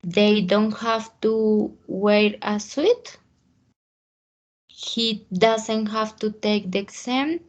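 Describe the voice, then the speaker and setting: Woman reading aloud very slowly. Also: mid-range voice, dull audio. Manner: slow, careful, halting reading. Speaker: student.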